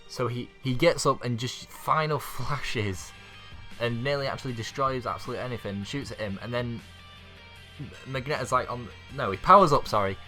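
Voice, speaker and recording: A YouTube anime reviewer recaps an episode casually, rambling with plenty of fillers and frequent little chuckles. His mid-range voice has a sharp tone at normal speed, over soft background music.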